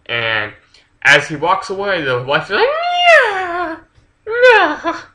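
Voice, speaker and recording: A man's voice: fairly high pitch, lively intonation, measured pace, pushed and bright, low-quality recording. A man casually retelling a story's plot for a book review, rambling with lots of fillers and swearing freely.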